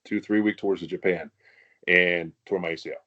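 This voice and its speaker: A man's voice: low-pitched, fairly even intonation, moderate pace, pushed and bright, muffled recording. A man, a former wrestler, telling stories in a casual podcast chat, laughing often and swearing freely.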